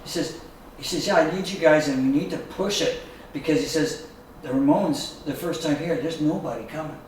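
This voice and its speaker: A guest musician, a man with a slightly high voice and a quick pace, swaps rock-and-roll stories in a casual chat, animatedly acting out the voices of the people he quotes. The recording has a faint hiss or hum and sounds echoey, as if captured from across the room.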